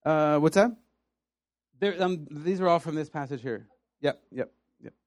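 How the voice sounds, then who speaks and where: A man with a fairly high voice preaches in a relaxed, conversational way, telling stories with plenty of animation. The sound is dry and close, with no room echo. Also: measured pace. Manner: conversational, animated storytelling with laughs. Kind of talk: sermon teaching.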